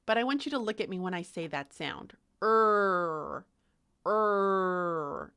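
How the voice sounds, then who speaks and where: A woman's voice: fairly low pitch, sing-song, fast talker. A young adult woman teaching phonics to camera, speaking carefully and sounding out letters as she demonstrates. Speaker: literacy teacher.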